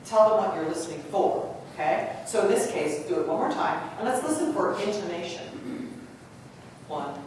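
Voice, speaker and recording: A woman leading a live choral workshop, energetic and chatty, coaching directors with frequent asides. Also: lowish voice, moderate pace. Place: large conference hall. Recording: distant voice in a big echoing hall with room noise.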